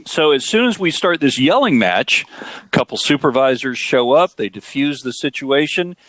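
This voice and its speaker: A middle-aged man hosts a relaxed talk show and spins a story with plenty of drama. His pitch swings widely as he builds each moment. The sound is close and dry. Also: normal speed, no echo. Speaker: podcast host. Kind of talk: casual storytelling chat.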